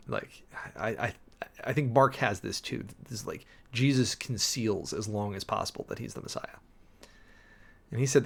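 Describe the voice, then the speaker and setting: A preacher reads scripture aloud and breaks off into loose, self-interrupting asides. He is a man with a gravelly edge to his mid-pitched voice, and he sounds like he is working out his sermon as he goes. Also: very animated, normal speed, long pauses. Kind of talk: casual sermon preparation, reading scripture aloud.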